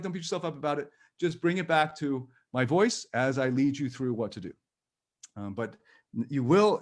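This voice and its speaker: A man leading a live-streamed personal growth workshop, talking in a gentle, reassuring and chatty way with light laughs. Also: medium pitch.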